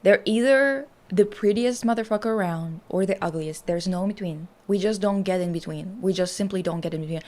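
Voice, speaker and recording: A young woman hosts a live stream in a loose, chatty way. She reacts bluntly, swears freely and swings into loud outbursts at what she reads. Her voice sits in the middle of the usual range for a woman. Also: mid-range voice, brisk, hardly any pauses. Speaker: streamer host. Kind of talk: casual stream chat.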